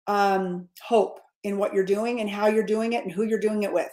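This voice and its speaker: A woman in her fifties, a sales coach giving an energetic, repetitive pep talk straight to her viewers, often calling them guys. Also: mid-range voice, normal speed, hardly any pauses. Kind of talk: motivational livestream talk.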